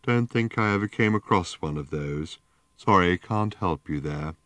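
A man voicing an ancient, rusted, gloomy male robot in an audiobook, with a slow, mournful, self-pitying drone. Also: sits low, fairly bright tone, dry recording. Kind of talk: audiobook character voice.

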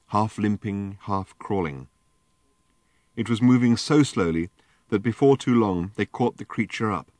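A man narrating an audiobook in a measured, dry storytelling manner. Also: fairly low pitch, a little mellow, no room sound. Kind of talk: scripted narration.

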